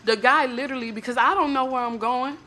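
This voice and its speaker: A woman's voice: high-pitched, fast talker, sharp tone. A woman vlogger in an emotional monologue to camera, ranting in a blunt, emphatic, profane way and leaning on fillers like "like, bruh".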